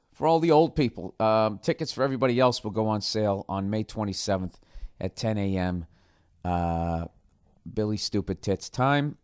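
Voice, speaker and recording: A man's voice: medium pitch, clear, resonant tone, no echo, studio quality. A man hosting a podcast alone, talking casually in a rambling, sarcastic way and swearing often. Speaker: podcast host. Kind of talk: casual solo podcast monologue.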